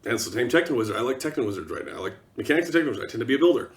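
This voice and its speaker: A man's voice: medium pitch, lively intonation, racing, distant mic. A man delivering an exasperated, sarcastic ranting monologue as a vlogger.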